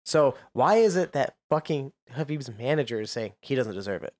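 A man co-hosting a sports podcast who talks in an animated, rambling way and often retells what others have said. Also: medium pitch, fairly quick, no echo. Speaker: podcast co-host. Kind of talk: casual sports chat.

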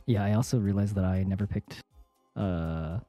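A man's voice: deep voice, fairly even intonation, moderate pace, warm tone, no echo, faint music behind. A man playing a tabletop game, talking casually and hesitantly, trailing off. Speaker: player.

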